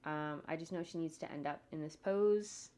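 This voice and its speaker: A woman animator chats casually with her livestream viewers from home as she works, thinking aloud in a rambling way. Her voice is low and darkish, at a normal speed.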